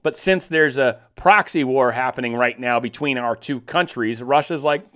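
Brief: man, 50s, commentary host, mid pitch, blunt and rambling. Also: normal speed, few pauses, fairly bright tone. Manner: blunt, rambling, with frequent restarts. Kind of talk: casual unscripted commentary.

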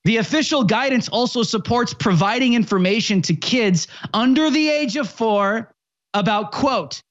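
A speaker in their twenties hosting a political commentary show, ranting with impassioned, sarcastic shouting. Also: mid-range voice, lively intonation, normal speed, highs cut off.

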